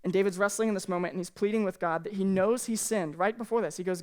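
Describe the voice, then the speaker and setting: A woman's voice: mid-range voice, steady tone, quick pace, few pauses, a little mellow. A woman pastor giving a sermon from a church stage, earnest and conversational, speaking candidly to the congregation.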